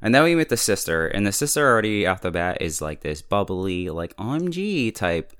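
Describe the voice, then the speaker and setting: A man's voice: fairly low pitch, big pitch swings, fairly quick, a bit bright, clean tone. A man casually recapping a TV episode, chatty and full of fillers, often breaking into laughs. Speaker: TV episode reviewer.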